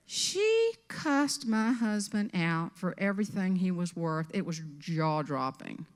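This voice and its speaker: A woman with a Southern US accent, a motivational speaker and humorist telling a comic story on stage, sassy and animated. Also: medium pitch, measured pace, hardly any pauses. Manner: sassy, animated, acts out every voice. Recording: long reverb of a large hall.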